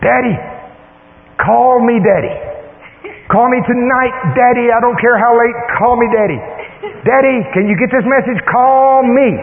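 An eager, breathless young woman calling her father, voice pitched high and pleading over and over, as a male preacher puts her on. The sound is tinny and narrow, with a long echo trailing through a big hall. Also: a little slow. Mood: excited. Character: excited grown daughter, breathless and insistent. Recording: tinny lo-fi tape in echoey hall.

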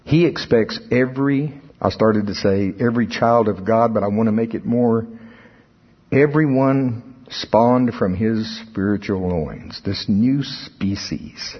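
A middle-aged preacher, delivering an animated sermon that rises into emphatic outbursts. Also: male voice, on the low side, takes it slowly. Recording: husky voice in a long-reverb hall, dull sound.

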